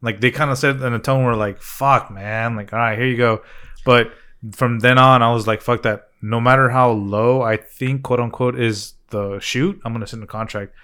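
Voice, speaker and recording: A man's voice: mid-range voice, fairly even intonation, moderate pace, bright, forceful tone, clear, resonant tone. A man who works as a photographer, co-hosting a casual podcast chat in a laid-back way, quoting others and swearing casually.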